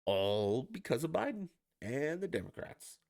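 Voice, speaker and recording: A man's voice: mid-range voice, very animated, unhurried, gravelly, darkish tone. A man hosting his own stream, ranting with profanity and sarcasm in casual solo commentary. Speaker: podcast host.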